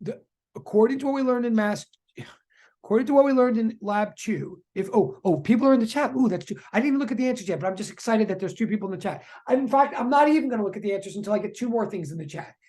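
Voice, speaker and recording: A physics teacher giving a live online lecture, chatty and excitable, often repeating questions to students in the chat. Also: mid-range voice, quick pace.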